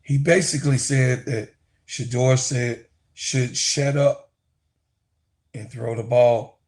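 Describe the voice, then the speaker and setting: Very slow-talking host setting up clips. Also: male voice, medium pitch. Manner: relaxed, introduces clips and sums them up. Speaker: channel host reacting to clips. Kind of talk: casual reaction commentary.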